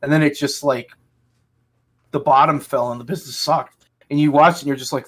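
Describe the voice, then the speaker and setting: A man's voice: fairly high pitch, fairly even intonation, fairly quick. Ranting, swearing man on a podcast. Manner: angry ranting, heavy swearing. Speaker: podcast host. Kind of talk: casual chat.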